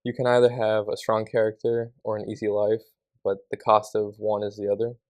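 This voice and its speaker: A man's voice: on the low side, monotone, fairly quick, darkish tone, no room sound. A young man guesting on a podcast, answering earnestly and casually with many fillers. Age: young adult.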